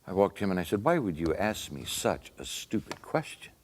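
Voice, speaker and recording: A man's voice: sits low, big pitch swings, a little fast, a little hiss or hum. A man performing a dramatic first-person monologue as a remorseful Roman centurion, telling his story earnestly and solemnly.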